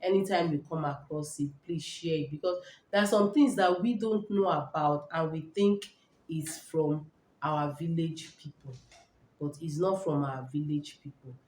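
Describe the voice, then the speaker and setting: Speaking unhurriedly in a low, slightly mellow voice, a middle-aged Nigerian woman gives a casual live health talk to her viewers. She drives points home through emphatic repetition and asks "all right?" as she goes. The echoey room recording carries a little hiss or hum.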